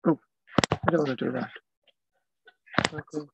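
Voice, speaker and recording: A man's voice: medium pitch, measured pace, gravelly, highs cut off, slight background noise. Joking man on a live stream. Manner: relaxed, joking, repeats words. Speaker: archaeologist hosting a live stream. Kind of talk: casual live-stream chat.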